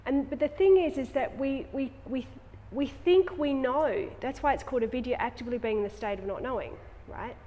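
In a reverberant, echoey studio with slight background noise, a yoga teacher with a high, mellow voice talks briskly and hardly pauses. She rambles casually to the class, asking lots of tag questions, then guides them into relaxation.

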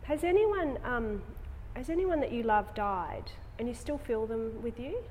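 Woman yoga teacher, higher voice, rambling tag questions, long studio reverb. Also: animated, a little slow, darkish tone, a little hiss or hum. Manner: rambling, conversational, asks the class many tag questions. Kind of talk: spoken yoga class talk and guided relaxation.

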